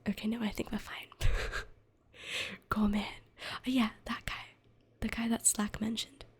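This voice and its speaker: A woman's voice: on the high side, flat delivery, measured pace, breathy edge. A young woman streamer in a whispered ASMR chat, rambling and giggling at herself as she reads, close to the mic. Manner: giggly, rambling, self-deprecating.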